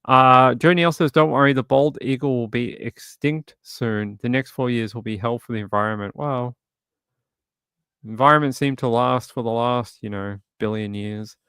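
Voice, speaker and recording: A man's voice: medium pitch, normal speed, clean tone, no echo, studio quality. A man hosting a true crime livestream, chatting loosely and reading out viewer comments. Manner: rambling, repeats words, relaxed asides. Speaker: livestream host.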